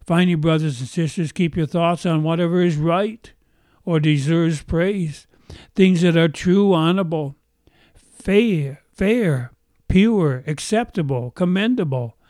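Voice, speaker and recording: A man's voice: on the high side, a little slow, a little mellow, no echo. A man preaching a sermon as pastor, earnest, stretching out key phrases for emphasis.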